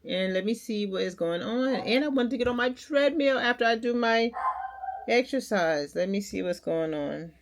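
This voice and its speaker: A woman's voice: on the high side, moderate pace. Woman vlogger, 40s, bubbly and talkative, home recording with faint noise. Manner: chatty, excitable, addresses viewers as y'all. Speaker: lifestyle vlogger. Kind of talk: casual chat to camera. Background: dog barking.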